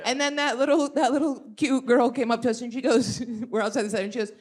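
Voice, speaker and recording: A woman comedian co-hosting a live podcast, telling stories in an animated way, laughing often and acting out what people said. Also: sits high, a little fast. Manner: animated, laughs through her stories, acts out quotes. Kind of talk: live podcast banter, storytelling. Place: live venue before an audience.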